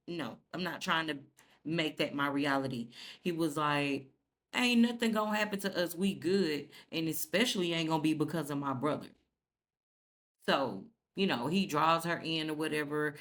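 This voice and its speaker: A woman's voice: sits low, fairly bright tone. A woman recapping a TV episode in a sassy, profane, chatty way, retelling scenes through quoted dialogue. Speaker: TV recap vlogger. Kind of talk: casual recap narration.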